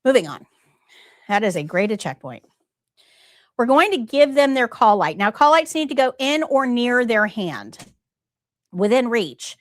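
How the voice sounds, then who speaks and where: A woman's voice: fairly high pitch, big pitch swings, a little slow, long pauses, no echo, clean studio sound. A middle-aged woman teaching a live nursing class, emphatic, repeating key points and quizzing her students. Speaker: nursing instructor.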